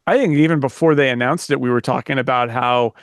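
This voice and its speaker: A man's voice: mid-range voice, fast, smooth, no room sound, clean studio sound. A man co-hosting a tech podcast in casual panel talk, wry and rambling with joking asides. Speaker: podcast co-host.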